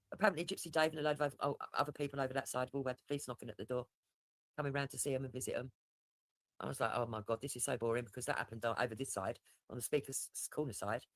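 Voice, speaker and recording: A man's voice: medium pitch, no room sound. A man hosting a casual livestream, rambling and swearing freely as he chats to viewers. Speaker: livestream host.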